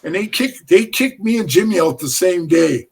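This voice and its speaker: High-voiced, animated man telling stories. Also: moderate pace, vocal fry, breathy edge. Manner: animated, profane, addresses the host as bro. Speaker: podcast guest. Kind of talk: storytelling in casual conversation.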